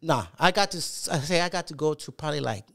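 A man's voice: on the high side, quick pace, creaky, a bit bright. A middle-aged man telling stories as a guest, swearing often and acting out the voices of people he quotes. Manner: profane, acts out quoted voices. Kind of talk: casual storytelling.

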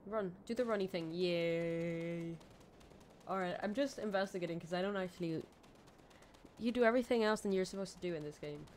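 A woman's voice: fairly low pitch, fairly quick, a little mellow, slight background noise. Rambling, chatty woman streaming a game. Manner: chatty, rambling, self-mocking, swings from mumbles to squeals. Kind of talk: casual let's-play commentary.

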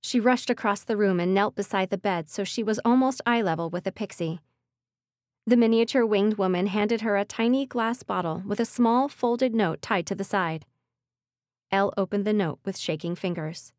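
A woman reads a fantasy novel aloud in a steady, measured way, her voice sitting at a middle pitch. The sound is dry and close, with no room echo at all. It is plain, focused audiobook narration. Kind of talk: scripted narration.

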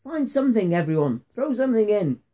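A kindly storybook witch calls out in a lifted, eager voice, as a father plays her while reading aloud. The tone stays soft and mellow. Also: sits high, very animated, fairly quick, recorded from a distance. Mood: excited. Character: flustered kindly adult witch.

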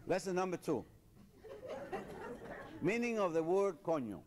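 A man doing stand-up as a mock language lesson, with deadpan teacherly drills and slow, exaggerated pronunciation. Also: sits high, over a noisy crowd. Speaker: comedian. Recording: noisy live comedy recording.

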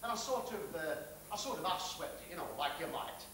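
An actor playing a blunt, hearty factory boss, telling a folksy story. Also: male voice, a little high, lively intonation, fairly quick, fairly bright tone, slight background noise. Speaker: factory owner giving advice. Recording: roomy film sound from a distant mic.

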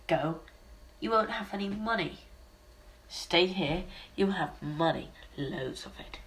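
A woman's voice: fairly low pitch, animated, slow pace, a little hiss or hum. Woman playing a scornful male office boss. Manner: curt commands, scolding. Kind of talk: amateur fan film acting.

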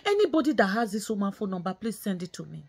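A woman's voice: medium pitch, sing-song, fast talker, vocal fry, slightly rough. A woman vlogger ranting angrily, scolding in repeated phrases and slipping into Pidgin. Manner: scolding, repetitive, mixes in Nigerian Pidgin. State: angry and bitter. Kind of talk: angry ranting commentary.

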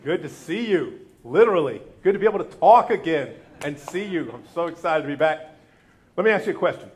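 Upbeat pastor, man, higher-pitched. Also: fairly quick. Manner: lively, joking banter with the congregation; asks the audience questions and urges them to repeat after him. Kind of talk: sermon.

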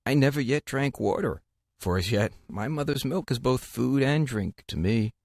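Brief: timid fable lamb, mournful and pleading, pitched up by a male narrator. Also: expressive, normal speed, vocal fry, darkish tone, no room sound, studio quality. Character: meek young lamb.

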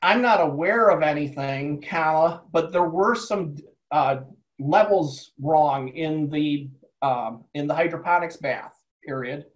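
A man voicing a young male plant scientist who is unsure and defensive, pausing and speaking his punctuation aloud. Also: on the high side, lo-fi sound, voice pushed down. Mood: uncertain. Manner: hesitant, dictates punctuation aloud.

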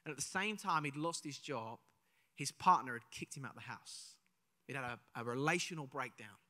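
Bright-voiced young male preacher in a hall. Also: medium pitch, animated, moderate pace. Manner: conversational, storytelling, asks the audience questions. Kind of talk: sermon with personal story. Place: church hall, live service. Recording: live in a reverberant church hall.

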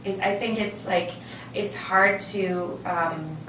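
A woman's voice: mid-range voice, fairly even intonation, takes it slowly. Laughing woman, roomy distant sound. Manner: laughs often, hesitant with fillers. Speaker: guest actress. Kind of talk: casual interview chat. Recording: roomy with distant mic and background noise.

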